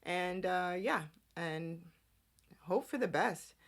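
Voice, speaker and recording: A woman's voice: on the low side, slow pace. A woman hosting a podcast, chatting casually through a soap opera recap and acting out the characters' lines. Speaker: podcast host.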